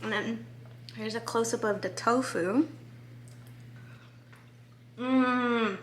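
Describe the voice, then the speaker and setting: A woman's voice: on the high side, normal speed, a little hiss or hum. A woman food vlogger, bubbly and enthusiastic, giving a casual review of a dish at home in her kitchen.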